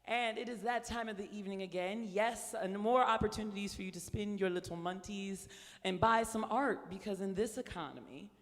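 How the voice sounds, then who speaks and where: A high-pitched man hosting a live telethon, playful and sarcastic, pressing his points hard. His voice echoes with a long hall reverb. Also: fairly quick, a bit bright. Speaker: telethon host.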